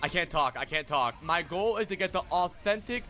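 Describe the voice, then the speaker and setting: A man streaming a game, talking casually and excitedly to his chat, joking and swearing as he plays. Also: high voice, brisk, soft background music. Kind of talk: casual gaming livestream chat.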